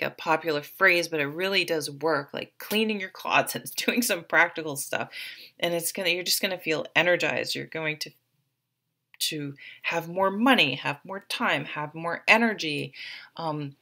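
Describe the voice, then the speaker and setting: Low gravelly woman reading tarot. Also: sharp tone. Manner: chatty, encouraging, lots of fillers. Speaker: tarot reader. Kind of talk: casual tarot reading to camera.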